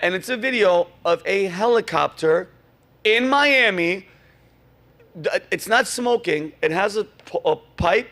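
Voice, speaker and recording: A man hosting a comedy podcast, ranting in a loud, animated way and swearing freely. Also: high-pitched. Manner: animated, swearing, quick asides to crew.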